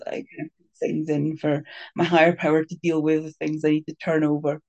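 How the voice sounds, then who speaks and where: A speaker sharing a personal story in a candid, hesitant way, with many pauses, fillers and restarts, soft and emotional. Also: mid-range voice, little pitch movement, gravelly, dull audio. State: crying.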